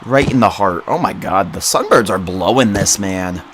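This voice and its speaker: A young man hosting a casual livestream into a boom-arm mic. He giggles often, rambles, repeats words and mocks himself. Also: animated, moderate pace, fairly bright tone, a little hiss or hum. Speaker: livestream host.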